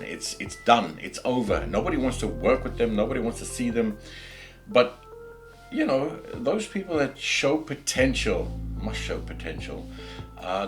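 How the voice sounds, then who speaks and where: A middle-aged man with a South African accent hosting a casual podcast, ranting passionately and preachily, with frequent restarts. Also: medium pitch. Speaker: podcast host. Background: faint background music.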